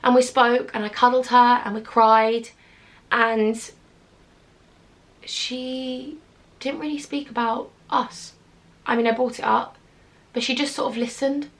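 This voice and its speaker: Emotional young woman with a gravelly voice. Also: a little high, little pitch movement, normal speed. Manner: emotional, rambling storytelling with many "like"s. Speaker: vlogger. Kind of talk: storytime vlog.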